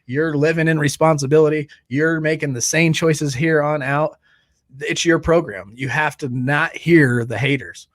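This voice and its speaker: A man hosting a live recovery stream in a loose, joking, animated way. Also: on the high side, no echo, clean studio sound. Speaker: host. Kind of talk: casual live-stream chat.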